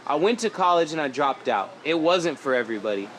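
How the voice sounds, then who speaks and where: A man talks loose and lively, full of slang and quick laughs. His voice sits a little high. Bar chatter and clatter fill the background around him. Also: a little hiss or hum. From Oregon. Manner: animated, slangy, laughs often. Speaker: rapper guest. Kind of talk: casual chat. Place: busy lounge bar.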